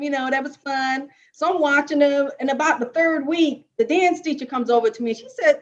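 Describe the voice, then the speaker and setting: Jamaican-born woman telling a lively story. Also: sits high, moderate pace, few pauses, lo-fi sound. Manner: lively, animated storytelling with many rhetorical "right?"s. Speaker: dance panelist. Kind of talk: casual storytelling on a panel.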